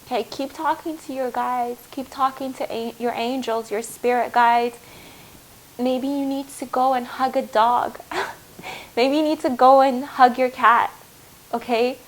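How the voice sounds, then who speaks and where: A woman's voice: high voice, steady tone, measured pace, low-quality recording. A woman giving a heartfelt spiritual tarot reading, earnest and reassuring, speaking to viewers as her loves. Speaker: tarot reader.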